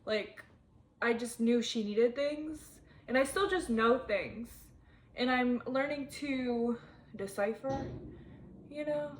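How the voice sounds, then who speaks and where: A woman's voice: fairly high pitch, a bit bright. A young woman in her twenties rambling candidly to camera in a casual vlog, full of fillers. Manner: rambling, frequent "like", candid and chatty. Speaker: vlogger. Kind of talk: casual confessional chat to camera.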